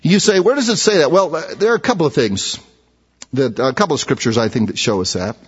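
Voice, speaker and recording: A man's voice: mid-range voice, very animated, fast, breathy edge. A man preaching a sermon as pastor, conversational, with rhetorical questions and repeated words. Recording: dull, echoey church hall recording.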